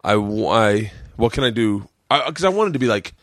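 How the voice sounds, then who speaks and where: A man's voice: lowish voice, lively intonation, moderate pace, fairly bright tone, no echo, studio quality. A man in his forties hosting a podcast, a little tipsy from drinking, telling a long profane story in a rambling, laughing way. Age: 40s. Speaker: podcast host. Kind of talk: casual storytelling chat.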